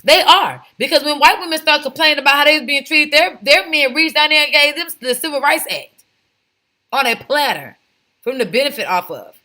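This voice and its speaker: A woman's voice: sits high, a little fast, pushed and bright. A woman giving opinionated vlog commentary, talking emphatically and firing off rhetorical questions. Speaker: commentary vlogger. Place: home, lives in Texas.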